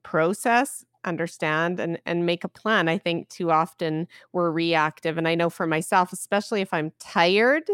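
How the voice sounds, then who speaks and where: A woman hosting an interview, calm and reflective as she asks questions and adds her own thoughts. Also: fairly low pitch, moderate pace, few pauses, smooth, no room sound, clean studio sound. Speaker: host.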